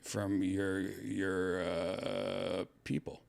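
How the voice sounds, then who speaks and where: Give me a male podcast host with a lowish voice, talking in a halting, rambling way. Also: completely flat delivery, gravelly, darkish tone. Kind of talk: joking casual chat with an AI voice.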